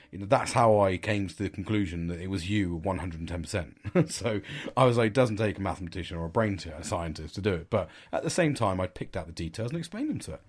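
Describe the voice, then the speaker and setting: A middle-aged man, hosting a podcast and telling a personal story in a candid, rambling, sweary way. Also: on the low side. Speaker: podcast host. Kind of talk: casual storytelling monologue.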